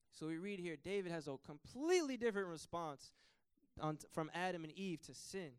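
A man preaching with fervent passion, his voice pitched high and ringing clear. The sound is dry and close, with no room echo. He surges to loud, emphatic peaks and then drops back. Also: expressive, normal speed. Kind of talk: sermon.

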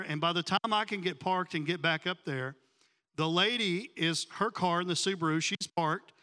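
A pastor preaches a sermon, telling a story with animation and acting out the voices of its characters. His voice is high-pitched with a clean tone, and the sound carries the echo of a big room.

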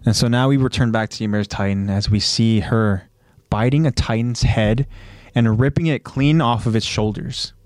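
A man retelling an episode in a casual, excited recap. He speaks at a middle pitch with loose fillers and keeps getting ahead of himself. The recording is dry and close. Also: dry recording. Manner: animated, quick to jump ahead, loose fillers. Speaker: co-host recapping an anime.

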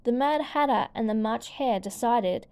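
A woman reading a children's storybook aloud as narrator, gentle and clear. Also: a little high, moderate pace.

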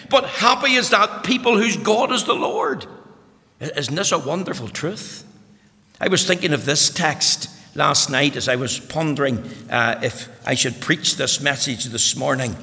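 A man preaches fervently to a congregation, his bright, forceful voice ringing through a reverberant church. He rises to loud exclamations, then drops to hushed asides. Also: sits high. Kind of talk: sermon.

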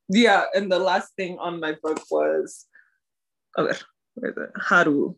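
A woman's voice: fairly low pitch, a little slow, vocal fry, pauses often. Young woman recapping a show casually. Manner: expressive, swears casually, laughs often. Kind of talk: casual chat recapping a drama episode.

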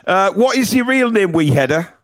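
A man hosting a quiz with a lively, bouncing voice that sits a little high. He jokes, swears and ribs the contestants while he reads out the questions. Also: normal speed. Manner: swears and teases callers. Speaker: quiz host. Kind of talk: casual live-stream quiz banter.

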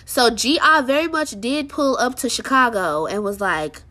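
A woman's voice: on the high side, sing-song, moderate pace, bright, forceful tone. A woman hosting a review show, talking in a chatty, emphatic way full of fillers and repetition. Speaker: show host reviewing TV episodes. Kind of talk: casual review monologue.

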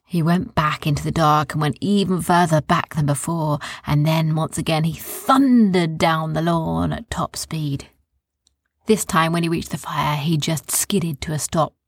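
A woman telling a children's bedtime story in a calm, soft, descriptive way. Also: deep voice, a little slow, no room sound, clean studio sound.

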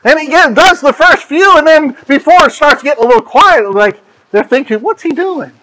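A male pastor preaching a sermon, telling stories in an animated, playful way. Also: very high-pitched, moderate pace, low-quality recording.

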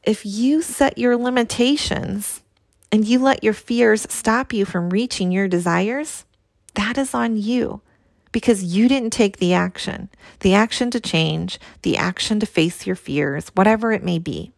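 Gravelly-voiced woman giving motivational talk. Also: mid-range voice, unhurried, dry recording. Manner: earnest, direct, coaching tone with repeated emphasis. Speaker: podcast host and spiritual coach. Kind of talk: motivational solo podcast talk.

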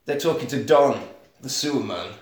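A man's voice: medium pitch, animated, moderate pace, heavy reverb. A man co-hosting a podcast, recapping a film in a jokey, sweary way. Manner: jokey, sweary recapping, slips into silly voices. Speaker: podcast co-host. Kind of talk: casual film podcast chat.

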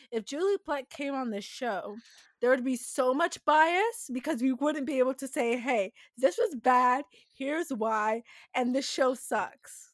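A woman's voice: on the high side, no room sound, studio quality. A woman co-hosting a podcast who rambles, with a lot of "like" in her talk. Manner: rambling, heavy use of "like". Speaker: podcast co-host. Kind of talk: casual chat.

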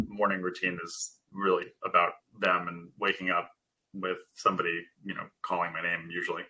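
A man being interviewed on a podcast, telling his story in a relaxed way with dry, sarcastic humor and frequent chuckles. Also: deep voice, rough recording. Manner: wry, dryly sarcastic humor. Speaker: podcast guest, productivity author. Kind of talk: casual interview chat.

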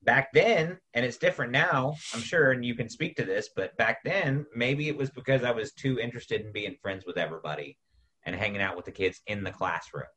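Thirties co-host, a man with a bright, conversational voice who tells stories thoughtfully. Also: mid-range voice, a little fast, a little hiss or hum, rough recording. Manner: laughing, reflective storyteller. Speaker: podcast co-host. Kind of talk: casual chat.

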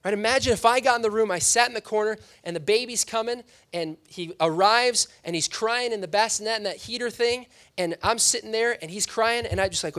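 Young guy pastor talking casual in church, kinda high voice, jokey, keeps asking "right?". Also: a little fast, hardly any pauses, fairly bright tone. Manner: chatty, self-deprecating, frequent "right?" asides. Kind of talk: casual conversational sermon. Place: church sanctuary.

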